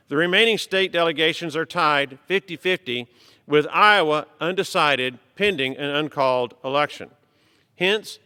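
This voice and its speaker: Bright-voiced congressman in echoing chamber. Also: a little high. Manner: measured, emphatic delivery of a written text. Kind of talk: formal prepared floor speech. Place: large legislative chamber. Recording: long reverb of a large hall.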